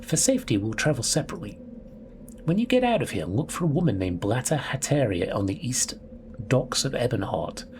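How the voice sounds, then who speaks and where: A man reading out, in his own voice, a game woman calmly laying out an escape plan. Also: mid-range voice, a little fast, a little hiss or hum. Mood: instructing. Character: calm woman plotting a prison escape.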